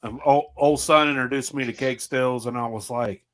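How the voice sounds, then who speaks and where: A man's voice: mid-range voice, fairly even intonation, moderate pace. A man in casual chat, telling loose stories and mimicking others in quotes. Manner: laughing, loose storytelling with mocking quoted voices.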